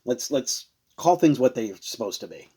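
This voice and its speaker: A man's voice: mid-range voice, animated, normal speed, mellow, husky. Rambling man reviewing beer. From Rhode Island. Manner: rambling, searching for words, fillers. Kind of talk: casual tasting review.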